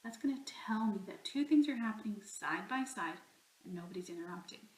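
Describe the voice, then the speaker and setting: A woman's voice: mid-range voice, expressive, a little fast, a little mellow, roomy sound, poor audio. A woman teaching a recorded grammar lesson, explaining patiently step by step. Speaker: Spanish teacher.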